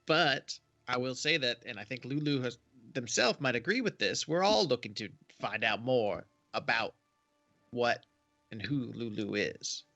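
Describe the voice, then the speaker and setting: Bright-voiced measured male player. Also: mid-range voice, lively intonation, muffled recording, faint music behind. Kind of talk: tabletop role-play chat.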